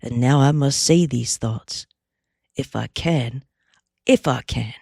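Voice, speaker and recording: Woman doing a young cowpuncher, grave and gentle, plain folksy Western talk, slow, dry close sound. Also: extremely low pitch, gravelly, slightly rough, dry recording, full character voice.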